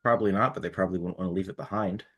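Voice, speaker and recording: A man thinks aloud during a tabletop game, tentative and casual. His voice sits very low. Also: racing, fairly bright tone, husky. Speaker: player.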